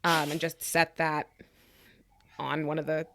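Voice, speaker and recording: Chatty woman player, bright voice. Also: low voice, flat delivery, a little slow, slight background noise. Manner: chatty, scattered. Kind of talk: tabletop role-play chat.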